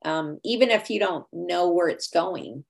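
A woman's voice: lowish voice, a little slow, vocal fry. A woman hosting a podcast, chatty and conversational, laughing easily as she talks with her guest. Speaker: podcast host. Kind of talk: casual interview chat.

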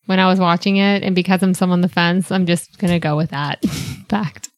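A woman's voice: lowish voice, steady tone, normal speed, no echo. A woman on a podcast panel, hesitant and laughing easily. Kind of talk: casual chat.

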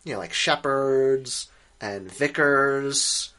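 A man's voice: medium pitch, takes it slowly, very noisy. A man co-hosting a podcast in casual chat, joking and laughing often as he talks. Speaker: podcast co-host.

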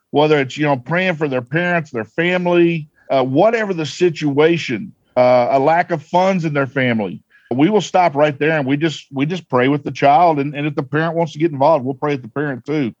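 A man at a middle pitch tells heartfelt stories in an earnest way. The sound is close and dry, a little dull on top. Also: dry recording. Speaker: guest, Santa performer. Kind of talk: casual interview talk.

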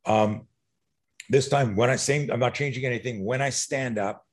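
A middle-aged man, a self-defense instructor, talking as a podcast guest in an animated, profane way, acting out fight scenarios. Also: mid-range voice, moderate pace.

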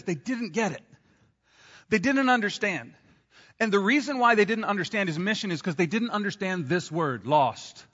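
A man preaching a sermon with a bright, forceful voice set a little high for a man. His animated, conversational delivery carries through a church hall with a long reverb, and the sound is slightly dull. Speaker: pastor.

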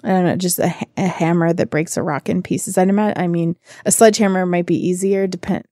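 A woman's voice: fairly low pitch, fairly even intonation, fast talker, dark tone, no echo, studio quality. Woman reading scripture with wry asides. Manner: reads verses aloud, then breaks off with wry asides and profanity. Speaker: podcast co-host reading scripture aloud. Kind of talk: casual chat and Bible reading.

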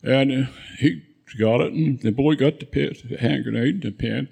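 A man's voice: mid-range voice, normal speed, gravelly, a little mellow, slightly rough. A man in his nineties, a veteran guest, telling rambling war memories with frequent chuckles at a live event. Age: 90s. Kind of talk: spoken war memoir.

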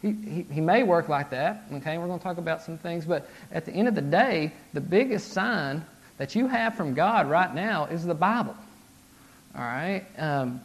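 A man in his thirties delivers a casual sermon in a fairly high voice. He talks loosely and conversationally, with restarts, filler words and frequent "right?" checks with his listeners. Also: expressive, moderate pace. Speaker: pastor.

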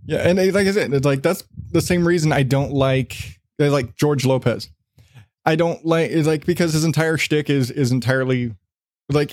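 A man talking casually as a podcast guest, explaining his points at length with relaxed fillers. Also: a little high, moderate pace, no echo, clean studio sound.

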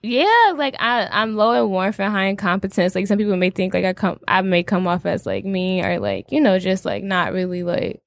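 A woman's voice: medium pitch, animated, normal speed, creaky, hardly any pauses, no echo. A young woman co-hosting a casual podcast chat, talking loosely with many fillers and frequent laughs. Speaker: podcast co-host.

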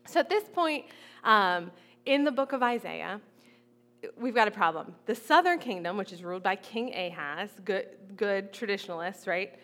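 A woman preaching to a congregation in a relaxed, conversational way. She retells a scripture passage in everyday speech, slipping into quick voices for the people in the story. Her pitch sits in a middle range for a woman. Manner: casual and animated, acting out biblical figures in everyday speech. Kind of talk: conversational sermon.

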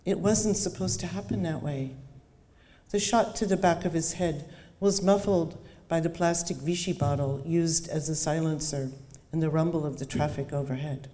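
A woman's voice: low voice, normal speed, warm tone. A woman author reading aloud from her novel and then chatting about how she wrote it. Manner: chatty, with fillers and restarts when talking. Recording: long hall reverb.

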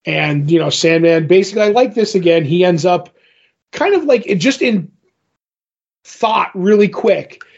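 A man's voice: sits high, lively intonation, normal speed, vocal fry. Rambling podcast guy, lo-fi sound. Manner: rambling retelling with many fillers. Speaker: podcast co-host. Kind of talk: casual comic book chat.

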